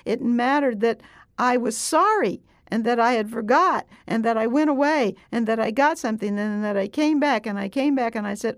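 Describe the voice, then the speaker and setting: Woman, scientist, storytelling, animated, slightly high voice, dry close sound. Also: moderate pace, no echo. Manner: animated, laughs while telling. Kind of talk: storytelling in conversation.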